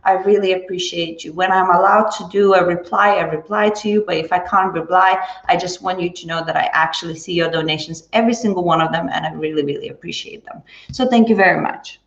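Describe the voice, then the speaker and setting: A woman's voice: fairly low pitch, fairly even intonation, fairly quick. A woman dance teacher chatting on a live stream after class, bubbly and chatty, thanking viewers by name. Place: indoors at home. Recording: echoey room, dull lo-fi stream audio.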